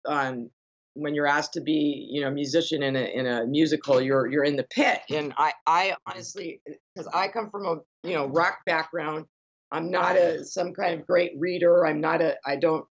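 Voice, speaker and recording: A woman with a gravelly, husky voice that sits a little low, talking loosely about her work as a guitarist. Her speech wanders, full of fillers and self-corrections. The recording sounds somewhat dull and muffled. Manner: chatty and rambling, with many fillers and self-corrections. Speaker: guitarist and stage musician. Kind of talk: casual interview chat.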